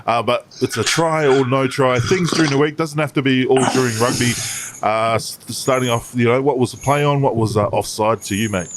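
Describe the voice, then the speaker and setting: A man's voice: medium pitch, fairly quick. Easygoing male podcast host, noisy recording. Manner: easygoing, hesitant with fillers. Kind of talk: casual podcast hosting. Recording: audible background noise.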